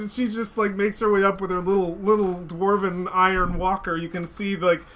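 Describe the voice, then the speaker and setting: A man's voice: high voice, steady tone, brisk, hardly any pauses, fairly bright tone. A man narrating as dungeon master, giggly and full of fillers and restarts. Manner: giggly, many fillers and laughs. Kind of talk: narrating a tabletop game.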